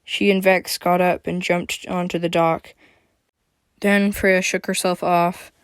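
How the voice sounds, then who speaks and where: A woman reading her own fantasy story aloud in a plain, steady storytelling way. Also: fairly low pitch, takes it slowly, smooth, no echo, studio quality. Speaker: narrator.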